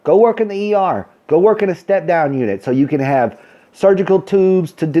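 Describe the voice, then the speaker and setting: Man, nursing supervisor type, ranting vlog monologue, warm low-key tone, dull lo-fi recording. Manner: blunt, ranting, acts out dialogue. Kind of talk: casual storytelling rant.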